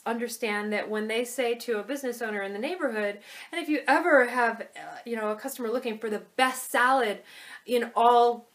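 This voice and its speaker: A woman with a slightly high voice explains customer service to restaurant staff in a relaxed, conversational way. She stops and restarts now and then, and her voice jumps up when she acts out a server's eager replies. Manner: chatty, with hesitations and lively quoted server lines. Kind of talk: instructional talk with acted examples.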